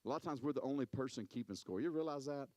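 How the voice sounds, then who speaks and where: Man, pastor, sermon, animated storytelling, repeats words, mid pitch, dry recording. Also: very fast, no room sound.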